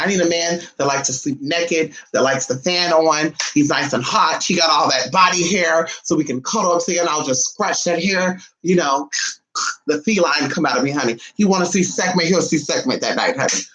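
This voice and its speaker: A woman vlogger in casual chat to camera, sassy and chatty, calling her listeners honey and swinging her voice between high and low. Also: brisk, fairly bright tone, poor audio.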